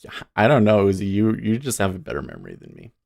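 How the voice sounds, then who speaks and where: A man's voice: lowish voice, huge pitch swings, quick pace, vocal fry, darkish tone, no echo. Opinionated male streamer, casual rambling delivery, dry sound. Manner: opinionated, rambling, talks back to chat. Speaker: livestream day-trading host. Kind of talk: casual live-stream commentary.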